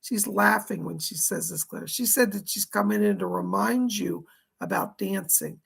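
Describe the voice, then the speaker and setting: A man hosting a live psychic reading stream. He sounds hoarse as he chattily relays spirit messages and thanks viewers by name. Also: high voice, normal speed, a bit bright. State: dry throat, hoarse.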